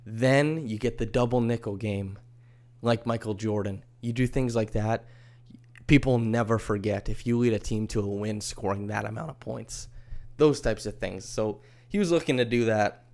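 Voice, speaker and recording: A man's voice: on the low side, moderate pace, darkish tone. Easygoing male podcast host. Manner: chatty, wry, easygoing. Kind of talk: casual solo podcast commentary.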